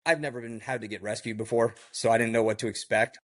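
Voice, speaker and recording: A man with a voice of middling pitch tells his story as a podcast guest, in a loose and animated way. He keeps dropping "like" and "you know," and he slips into other people's voices when he repeats what they said. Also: quick pace. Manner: heavy use of "like" and "you know". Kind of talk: recounting a survival story in a podcast interview.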